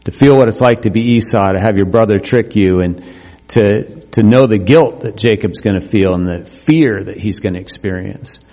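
A middle-aged man preaching a sermon as pastor, animated, climbing to emphatic highs. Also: moderate pace. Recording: long hall reverb.

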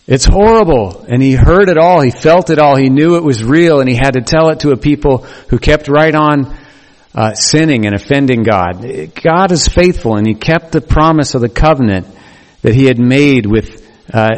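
A male pastor giving a conversational, animated sermon in a church, with frequent restarts. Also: mid-range voice. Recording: long reverb of a church hall.

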